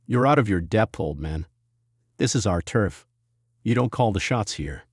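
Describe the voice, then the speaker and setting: A sneering, menacing biker gang leader, voiced by a male narrator growls his threats. The voice sits deep and low, and the recording is close and dry with no room around it. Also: lively intonation, a little slow, breathy edge, no echo. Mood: defiant.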